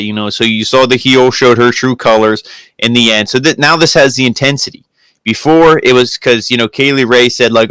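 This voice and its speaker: A man's voice: mid-range voice, a little fast, smooth, no room sound. A man co-hosting a casual wrestling review podcast, retelling segments and acting out what was said. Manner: animated retelling, acts out quotes. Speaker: wrestling show co-host.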